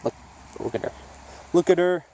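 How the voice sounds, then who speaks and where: Standing by a lake in the rain, a man records a casual vlog on his phone, sniffly and coming down with something. His high-pitched, mellow voice moves at a moderate pace as he swears freely while scolding and coaxing his dog.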